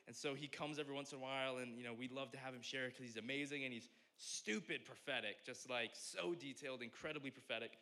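A man's voice: mid-range voice, fast, hardly any pauses. A young adult man giving a casual, conversational sermon as a pastor, joking at his own expense. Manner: conversational, self-deprecating, animated.

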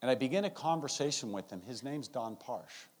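Guy pastor preaching in church, super animated storyteller, voice jumps all over. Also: mid-range voice, fairly quick. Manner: animated storytelling, acting out scenes. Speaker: guest pastor. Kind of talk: sermon. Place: church service.

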